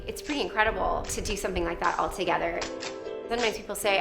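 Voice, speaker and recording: A woman's voice: mid-range voice, fast, vocal fry. A woman in her forties, speaking plainly about her family in a documentary interview. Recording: echoey room with music underneath.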